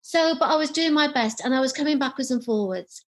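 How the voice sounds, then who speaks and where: Speaking a little fast in a high-pitched voice, this middle-aged author and psychotherapist from the United Kingdom recounts a personal experience in an interview. She brings it to life by animatedly performing remembered conversations.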